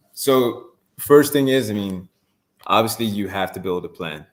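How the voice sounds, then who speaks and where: Podcast guest guy, kinda low voice, straight to the point. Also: expressive, unhurried, a little mellow. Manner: plain-spoken, gives direct advice. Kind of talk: casual interview answer.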